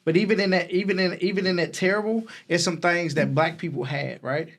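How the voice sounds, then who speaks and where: A man's voice: high-pitched, steady tone, brisk, vocal fry. A man, co-hosting a casual podcast debate. He rambles, restarts sentences and stacks repeated words as he builds his point. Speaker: podcast co-host.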